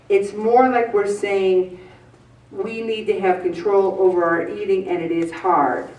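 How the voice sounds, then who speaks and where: A woman in her fifties leading a group, earnest and preachy, slipping in joking asides. Her mid-pitched voice sounds a little distant from the mic, in a room with a clear echo. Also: darkish tone. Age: 50s. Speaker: weight-loss group leader. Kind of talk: preachy motivational talk to a group. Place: meeting room with an audience.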